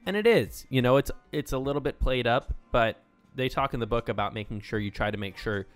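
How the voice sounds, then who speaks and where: A man co-hosting a casual podcast, explaining sales and negotiation ideas with lively inflection. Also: medium pitch, fairly quick, clean tone, faint music behind. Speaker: podcast co-host.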